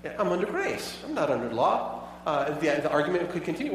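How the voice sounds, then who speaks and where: A man's voice: fairly high pitch, huge pitch swings, fairly quick, slight background noise. A pastor preaching a sermon in a conversational way, asking his listeners many rhetorical questions. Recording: echoey hall, voice from far off.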